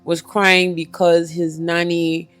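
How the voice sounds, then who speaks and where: A woman hosting a parenting podcast, a mother telling stories in a chatty, animated way. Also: lowish voice, slow, faint music behind. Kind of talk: podcast interview.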